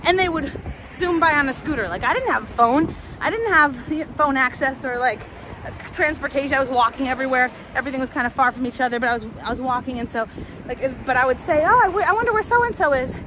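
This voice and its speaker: A woman telling a rambling personal story out loud while she walks outdoors, full of fillers and restarts. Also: sits high, fast talker. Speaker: vlogger. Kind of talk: casual storytelling while walking. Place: outdoors on a city street. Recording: loud street noise around.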